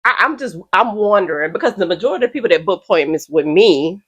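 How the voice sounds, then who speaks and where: A woman's voice: medium pitch, lively intonation, quick pace, breathy edge. A woman hosting a commentary video from her room at home, talking bluntly and with exasperation in slangy casual speech. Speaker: host reacting to stories.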